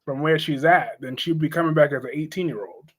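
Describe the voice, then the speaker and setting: A man's voice: on the high side, a little fast, noisy background. A man hosting a casual live stream about soap operas. He talks bluntly and chattily and reads out viewer comments as he goes.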